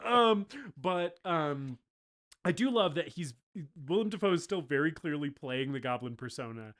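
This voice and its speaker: Here a man with a higher-leaning voice speaks at normal speed while co-hosting a laid-back movie review podcast. He acts out bits of the film in different voices as he talks.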